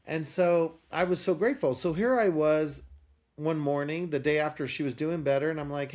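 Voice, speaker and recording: A man's voice: fairly high pitch, normal speed. A man telling a personal story in an interview, acting out the voices of people in it. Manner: animated, acts out quoted dialogue. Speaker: guest, company founder.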